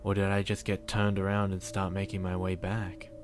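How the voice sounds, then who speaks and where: A man narrating a first-person horror story in an earnest, measured way. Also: low voice, monotone, slight background noise.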